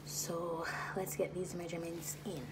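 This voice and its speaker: A woman's voice: on the low side, flat delivery, a little slow. Chatty woman vlogging in noisy car. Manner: chatty, candid and joking, slips into creole. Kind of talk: casual vlog chat.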